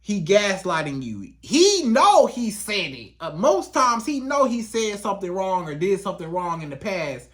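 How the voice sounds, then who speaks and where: This relationship coach has a high voice with big pitch swings, talking at normal speed with hardly any pauses. Addressing the viewer directly in casual advice, he repeats points for emphasis and performs quoted lines.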